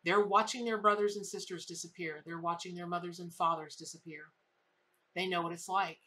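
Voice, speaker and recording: A woman's voice: on the low side, sharp tone. A woman tarot reader telling a story in a casual reading, emphatic and full of repetition.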